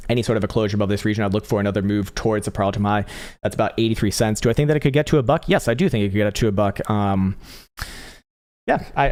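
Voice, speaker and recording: Livestream host, young man, low voice, rapid-fire, blunt and profane chart talk. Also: darkish tone. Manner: blunt and profane, with frequent laughs. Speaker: crypto trading livestream host. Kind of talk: casual live chart analysis.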